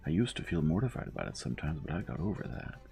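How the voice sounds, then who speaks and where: A man reading aloud voices a gentle, earnest young woman in a storybook. She talks sincerely and mildly, her lines pitched higher than the narration. Soft music plays behind. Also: huge pitch swings, quick pace, gravelly, exaggerated voice. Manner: sincere, mild. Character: earnest, meek young American woman, kindly.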